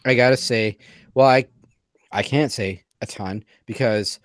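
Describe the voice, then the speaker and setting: A man's voice: medium pitch, a little slow, dry recording. A man co-hosting a casual talk show, rambling and hesitant as he thinks aloud. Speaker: podcast co-host. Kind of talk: casual chat.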